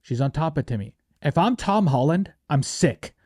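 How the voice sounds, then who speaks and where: Animated young man hosting a movie podcast. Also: a little high, moderate pace, no echo, studio quality. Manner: animated, jokey, acts out quotes in silly voices. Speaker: podcast host. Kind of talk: casual movie review chat.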